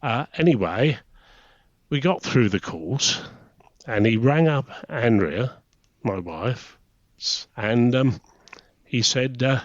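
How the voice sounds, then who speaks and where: Speaking slowly and expressively, pausing often, this medium-pitched man is a retired English naval officer in his eighties sharing chatty anecdotes in a relaxed interview, with plenty of chuckles. The sound is dry and slightly dull, without room sound.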